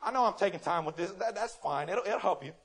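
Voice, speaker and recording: A man preaching a sermon, swinging from loud scolding to quiet, earnest testimony and acting out little dialogues in quick voices. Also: high-pitched, lively intonation, breathy edge.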